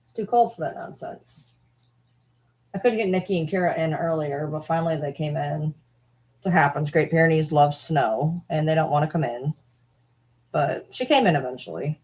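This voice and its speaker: A woman's voice: sits low, normal speed, darkish tone, slightly rough. A woman chatting casually to camera from her bed at home, breaking off to coo at her pets. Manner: chatty, drifts into baby talk with her animals. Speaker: vlogger.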